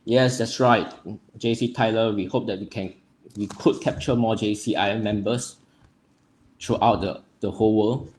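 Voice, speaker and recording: A young man from Nepal, hosting a livestream and greeting viewers by name in a friendly, halting way full of fillers. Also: lowish voice, fairly even intonation, a little mellow. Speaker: livestream host.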